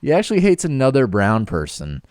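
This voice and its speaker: A man's voice: medium pitch, wildly swooping pitch, a little fast, a little mellow, no room sound, clean studio sound. A man co-hosting a podcast in casual chat, joking crudely and laughing often. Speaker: podcast co-host.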